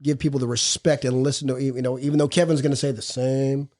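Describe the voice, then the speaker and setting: Speaking fast in a level, medium-pitched voice with a darkish tone, a middle-aged man co-hosts a recovery podcast. He tells his stories in a blunt, profane and casual way, in the manner of an informal recovery group chat.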